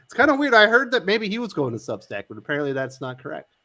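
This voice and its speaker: A man hosting a live comics panel chat, moving the talk along briskly and putting questions to his guests. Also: high voice, big pitch swings, vocal fry, sharp tone. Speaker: podcast host.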